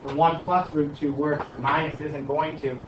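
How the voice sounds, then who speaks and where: A man's voice: a little high, little pitch movement, moderate pace. Guy teaching math, keeps asking the class questions, dull echoey room sound, some hiss. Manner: questioning, coaxing students. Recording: echoey classroom from far off, dull, light noise.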